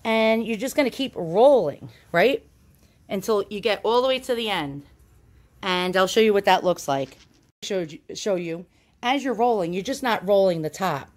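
This YouTube host has a mid-range, slightly mellow voice with lively intonation and a moderate pace. Filming a casual home how-to on a handheld phone, she chats away, pokes fun at herself, uses plenty of fillers, and at times sounds out of breath.

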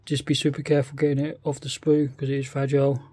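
A man's voice: medium pitch, flat delivery, fast talker, warm tone, dry recording. A man with a British accent, casually talking through a model kit unboxing, often hesitant and thinking aloud. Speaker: scale model kit reviewer.

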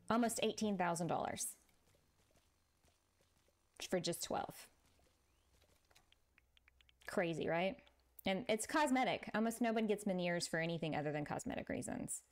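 Woman, Texan accent, middle-aged, game streamer, casual chat, exclaiming, laughing. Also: mid-range voice. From Texas. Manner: chatty, exclaiming, laughs often. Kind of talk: casual gameplay chat with live chat.

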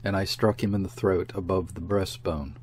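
A man's voice: low voice, steady tone, moderate pace, a little mellow, a little hiss or hum, lightly acted. A man voicing a grief-stricken young peasant wife in an audiobook, pouring out bitter words in a rush.

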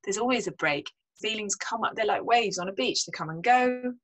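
A woman's voice: medium pitch, a little fast, a bit bright, low-quality recording. Frank, laughing woman guest. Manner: frank, self-deprecating, laughs often. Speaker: podcast guest, health psychologist. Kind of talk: casual conversational interview.

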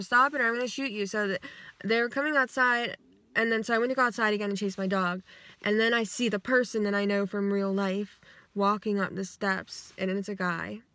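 Casual woman vlogger, rambling, animated quoting, dry close sound, car. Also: mid-range voice, dry recording. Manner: rambling and animated, acts out quotes, swears freely. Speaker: vlogger retelling her dreams. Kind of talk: casual storytelling. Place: inside her car.

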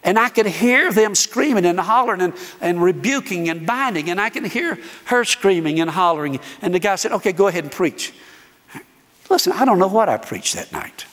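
A man preaching as a guest speaker, telling a story in an animated way and acting out the dialogue. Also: high voice. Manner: animated, acts out dialogue, dramatic pauses. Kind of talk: sermon storytelling. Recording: echoey hall reverb.

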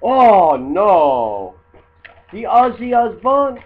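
Guy doing a rude rambling dude, broken english, husky voice, muffled lo-fi home audio. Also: high-pitched, big pitch swings, very slow, full character voice. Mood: mocking. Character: crude, rambling immigrant guy mocking photos. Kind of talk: comedy satire monologue.

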